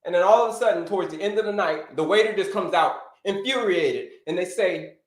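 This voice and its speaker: A man hosting a live health-coaching stream, talking to viewers in an animated, repetitive, preacher-like cadence. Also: high-pitched, brisk, roomy sound.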